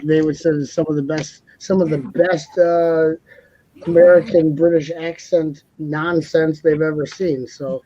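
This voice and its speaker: A man's voice: fairly high pitch, darkish tone, dull audio, a little hiss or hum. A man co-hosting a casual live stream panel, talking in a rambling way, repeating words and laughing often.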